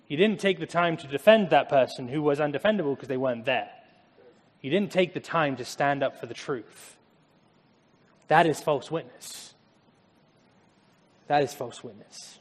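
A man's voice: on the high side, expressive, normal speed. A man preaching a conversational sermon, mixing scripture with personal anecdotes and casual asides. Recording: long hall reverb.

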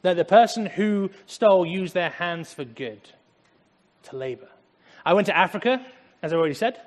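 A man's voice: sits high, expressive, moderate pace. A man preaching a conversational sermon, mixing scripture with personal anecdotes and casual asides. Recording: long hall reverb.

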